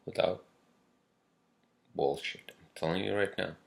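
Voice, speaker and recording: A man with a very low, gravelly voice rants his way through a casual monologue. He talks slowly and drags his words out, and he swears at nearly every turn as he hammers his points home. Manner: profane, rambling, emphatic. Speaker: podcast host.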